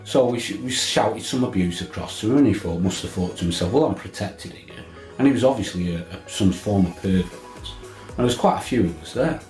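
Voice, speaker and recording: In an echoey room with soft music playing in the background, a man from England, a fishing vlogger, tells a casual story full of swearing, laughter and restarts. He speaks brisk and lively, with a lowish pitch and a darkish tone.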